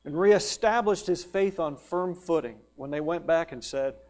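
A man preaching a sermon, emphatic, rising to loud peaks and dropping to hushed questions. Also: a little high. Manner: slow, drawn-out delivery on lists.

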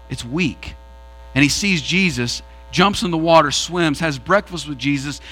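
A man preaching a sermon as pastor to his church, swinging his pitch and pace as he makes his points. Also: pushed and bright.

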